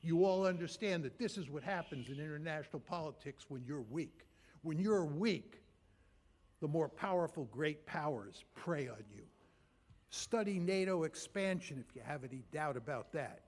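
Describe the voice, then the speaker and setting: Male lecturer, somewhat high voice, blunt, emphatic, hammers points with repeated phrases. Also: animated, moderate pace, a little mellow. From United States. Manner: emphatic, blunt, builds arguments with rhetorical questions and repetition. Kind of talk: lecture to an audience.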